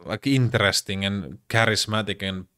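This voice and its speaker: Finnish guy rambling in english, kinda low voice, lots of uhs, dead dry room. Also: steady tone, sharp tone, clean tone, no echo. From Finland. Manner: halting, many fillers and restarts. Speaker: podcaster. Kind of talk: casual monologue.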